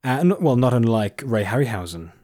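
A man's voice: medium pitch, sing-song, brisk, darkish tone, no echo, studio quality. A man hosting a casual podcast chat, explaining at length with frequent fillers and restarts. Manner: rambling, many fillers and restarts. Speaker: podcast host.

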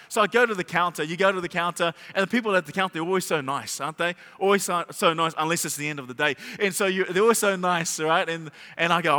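A middle-aged pastor preaching a sermon, telling a humorous story and asking the congregation rhetorical questions. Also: male voice, sits high, fast talker, hardly any pauses, bright, forceful tone. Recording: long hall reverb.

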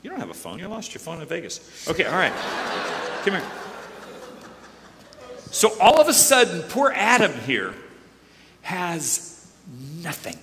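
A man preaching a lively sermon, joking with the crowd and calling on volunteers. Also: on the high side, unhurried, gravelly, long pauses. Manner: animated, joking, calls on volunteers. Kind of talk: lively sermon with audience participation. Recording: echoey hall.

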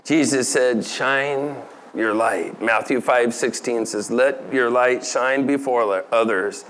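A man's voice: medium pitch, a bit bright, slight background noise. Conversational man preaching a sermon. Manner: conversational, asks the audience questions, laughs lightly. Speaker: pastor.

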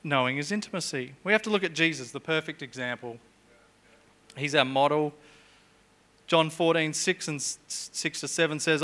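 Bright-voiced, chatty male preacher. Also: fairly high pitch, normal speed. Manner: chatty, jokey, with humorous asides. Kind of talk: sermon.

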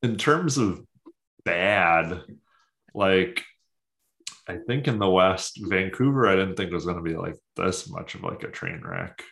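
Very deep-voiced man chatting sports. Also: expressive, unhurried, gravelly, a bit bright. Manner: rambling, lots of fillers, mock voices for jokes. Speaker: podcast co-host. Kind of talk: casual sports chat.

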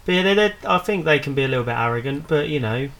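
A man's voice: medium pitch, animated, rapid-fire, fairly bright tone. A man in his thirties with a Suffolk English accent, co-hosting a casual comedy podcast with dry, teasing banter. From England. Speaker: podcast co-host.

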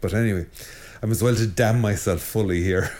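Speaking briskly in a lowish voice, a middle-aged priest hosts his own show and gives a lively, joking spiritual talk in an informal way. He stammers and restarts often.

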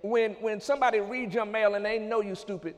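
A man preaching a sermon, using call-and-response and building to shouts. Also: sits high, steady tone, brisk, long reverb tail. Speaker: pastor.

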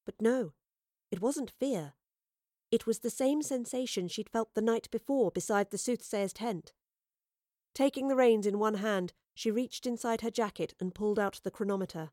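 A woman narrates a storybook in a steady, expressive manner. Her voice sits at a middle pitch. The recording is dry and close, with no room sound. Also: dry recording. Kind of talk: storybook reading.

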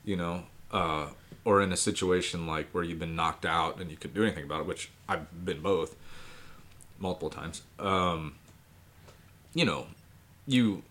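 A man who is a guest poet on a podcast, speaking in a halting, casual way and swearing freely. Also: sits low, a bit bright. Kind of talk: casual conversation.

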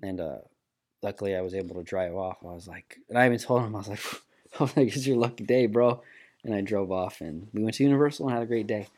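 A low-voiced man telling a road-rage story. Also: fast. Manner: profane, animated storyteller acting out quotes. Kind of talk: casual chat, storytelling.

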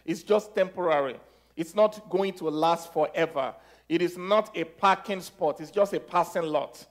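A man preaching a sermon as pastor, repeating phrases, leading the congregation in declarations and swinging from soft teaching to loud exhortation. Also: high voice, moderate pace. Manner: repeats phrases and leads call-and-response declarations.

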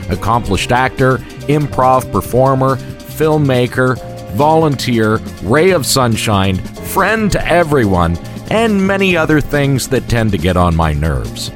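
A man's voice: mid-range voice, big pitch swings, measured pace. A man hosting a morning radio show with dry, mock-grumpy humour. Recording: music playing behind.

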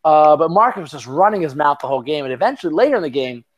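A fairly high-voiced young man in loose podcast chat, swearing freely and tripping over his own restarts. His talk is full of fillers as he rambles from point to point. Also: lively intonation, rapid-fire, dull audio. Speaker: podcast co-host. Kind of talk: casual sports chat.

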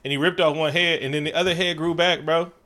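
Loud, profane man riffing on a movie. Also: fairly high pitch, fast. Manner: loud, profane, joking, animated retelling. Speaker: podcast co-host. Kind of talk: casual chat recapping a movie.

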